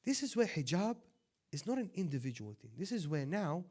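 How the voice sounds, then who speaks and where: Preacher with big loud-quiet swings. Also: male voice, on the high side, very animated, fairly quick. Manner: conversational, swings between loud appeals and quiet asides. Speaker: sheikh giving a religious talk. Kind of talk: sermon.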